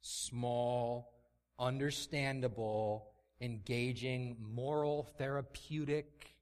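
A man's voice: medium pitch, fairly even intonation, takes it slowly, a little mellow. A man preaching a sermon in an impassioned, emphatic way, often repeating words as he builds a point.

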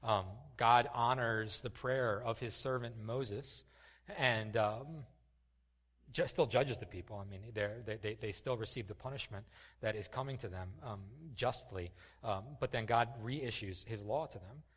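A man's voice: on the low side, a little slow, fairly bright tone, long reverb tail. A man preaching a sermon in a conversational style, full of fillers, restarts and asides to the congregation. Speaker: pastor.

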